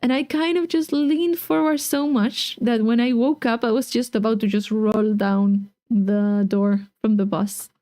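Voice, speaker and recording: A woman's voice: fairly high pitch, fairly even intonation, measured pace, few pauses, mellow, no room sound, studio quality. Giggly young woman streamer. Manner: chatty, giggly, rambling. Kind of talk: casual let's-play commentary. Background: faint game music.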